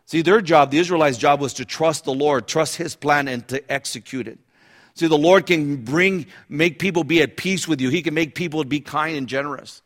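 A man's voice: a little high, normal speed, fairly bright tone. A male pastor preaching a sermon in a conversational, engaged way, often checking in with the congregation with asides and restarting his phrases.

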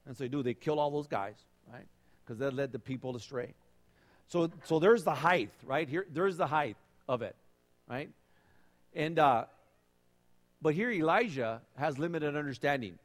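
A man's voice: on the high side, lively intonation, moderate pace, pauses often, big-room sound. A man preaching a sermon, telling a Bible story casually with many fillers and restarts, acting out the voices of its people. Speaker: pastor.

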